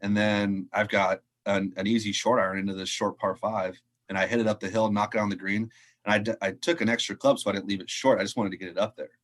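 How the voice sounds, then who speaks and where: Appearing as a podcast guest, a head golf professional with a low voice tells a golf story in casual interview storytelling. He talks fast and animatedly, acting out quotes and laughing often.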